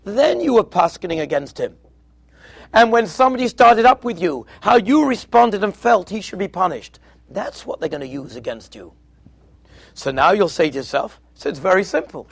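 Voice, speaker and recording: A man's voice: high voice, sing-song, normal speed, vocal fry, slightly rough, no room sound. A man, a rabbi, giving a sermon to yeshiva students, telling stories and acting out their dialogue, with Hebrew and Yiddish terms mixed in. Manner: storytelling, acting out dialogue in quotes.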